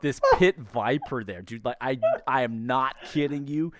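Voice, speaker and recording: A man's voice: medium pitch, a little slow, no room sound, lightly acted. A man putting on a laid-back American dude who tells a rambling story full of "bro" and "dude.".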